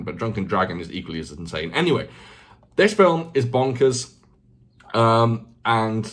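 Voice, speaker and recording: A man in his forties talks straight to camera in a casual vlog, his husky voice swinging widely up and down as he rants. He mocks himself, swears freely and repeats phrases for emphasis. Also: medium pitch. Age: 40s. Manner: self-mocking, ranting, swears freely. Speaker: channel host. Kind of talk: casual unscripted vlog talk.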